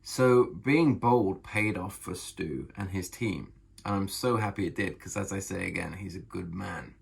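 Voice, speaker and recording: Guy author chatting to camera, kinda husky and gravelly, gets really fired up and repeats himself. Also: sits low, a little slow. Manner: enthusiastic, emphatic, repeats phrases. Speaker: author and vlogger. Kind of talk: casual talk to camera about writing.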